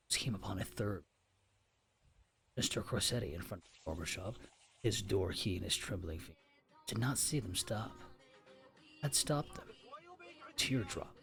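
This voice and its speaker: A man casually reading a novel aloud on a live stream, sometimes tripping over a word and stopping to remark on it. His voice is low and gravelly, and faint music plays behind him. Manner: stumbles on words and pauses to comment on them.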